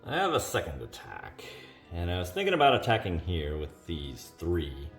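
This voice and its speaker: Low-voiced man narrating a wargame. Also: big pitch swings, moderate pace, a bit bright. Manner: thinking aloud, counting up modifiers with many "uh"s. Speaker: host of a board wargame playthrough. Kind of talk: solo tabletop game commentary. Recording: echoey room, faint music.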